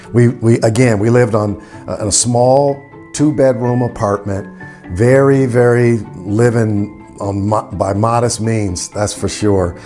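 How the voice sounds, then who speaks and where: A middle-aged man from Michigan telling his own life story in a casual, animated way, full of fillers and acted-out quotes. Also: fairly low pitch. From Battle Creek, Michigan, US. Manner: animated, acts out quoted voices, frequent fillers. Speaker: storyteller in a docu-series.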